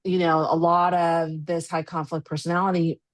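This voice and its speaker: A woman's voice: on the low side, little pitch movement, normal speed, no room sound. A woman hosting a podcast interview, chatting casually and affirming her guest often. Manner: supportive, frequent backchannel agreement. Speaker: podcast host.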